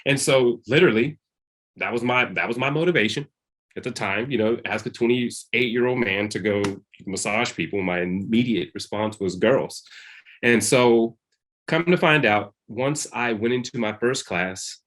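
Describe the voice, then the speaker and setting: Animated man telling a personal story. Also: normal speed. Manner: animated, acts out quoted dialogue with big pitch jumps; loose and conversational, lots of fillers and repeats. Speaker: wellness practitioner guest.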